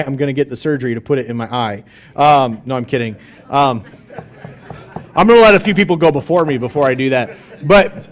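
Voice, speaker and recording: A pastor with a high voice for a man delivers a sermon in a chatty, animated way. He asks the congregation questions and acts out little scenes in quoted voices. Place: church sanctuary.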